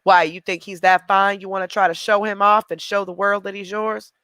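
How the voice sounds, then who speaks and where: A woman's voice: medium pitch, little pitch movement, a little fast, fairly bright tone, smooth, no echo. A woman giving blunt, mocking reaction commentary on a livestream.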